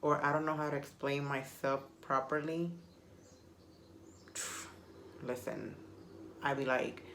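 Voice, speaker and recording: A woman's voice: deep voice, level tone, moderate pace, a bit bright, slight background noise. A woman whose first language is Spanish, chatting casually to camera and rambling with self-mocking humor. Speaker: vlogger.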